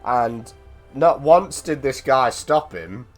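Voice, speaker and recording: A British man chatting casually with a friend, telling an animated story, swearing freely and often restarting his sentences. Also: medium pitch, takes it slowly, music in the background. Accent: British English. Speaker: streamer. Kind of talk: casual chat on a voice call.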